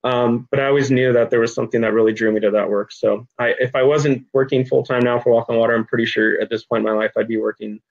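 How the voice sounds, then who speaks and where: A man's voice: medium pitch, fairly even intonation, fast talker, gravelly, few pauses. Middle-aged man, interview guest, sincere storyteller with many ums, muffled lo-fi recording. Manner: earnest storyteller, frequent ums, gets choked up. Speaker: nonprofit director, guest. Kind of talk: interview conversation.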